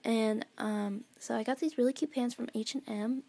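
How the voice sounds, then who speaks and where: Rambling teenage girl with a husky voice. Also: on the high side, fairly even intonation, moderate pace, warm tone. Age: teens. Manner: rambling, lots of "like" fillers, giggly. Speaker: podcast host. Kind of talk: casual solo podcast chat. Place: at home, lying on her bed.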